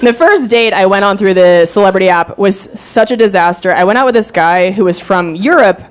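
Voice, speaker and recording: A woman in her thirties doing a stand-up comedy set, animated and self-mocking. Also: medium pitch, brisk. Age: 30s. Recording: live show with crowd laughter. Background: audience laughter.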